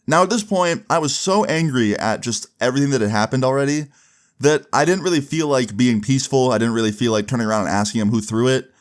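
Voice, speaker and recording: A young man casually telling a story, with a relaxed, loose delivery full of fillers and some swearing. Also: medium pitch, quick pace. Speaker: storyteller vlogger.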